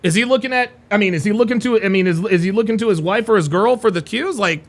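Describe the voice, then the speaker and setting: A man's voice: high voice, fast talker. A man hosting a live reaction stream, talking bluntly and mockingly and swearing freely as he comments on a debate clip.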